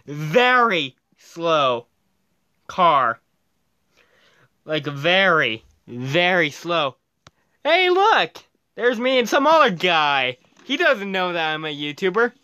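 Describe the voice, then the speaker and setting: Excitable high-voiced gamer guy. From Canada. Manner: excitable, shouts at the game. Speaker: gaming channel host. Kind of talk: let's-play commentary.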